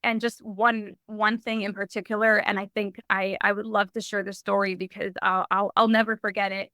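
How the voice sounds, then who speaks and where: A young adult woman sharing a personal story in a podcast interview, animated and full of "like" and restarts. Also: mid-range voice, moderate pace, dry recording. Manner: animated, heavy use of "like", frequent restarts. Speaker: podcast guest.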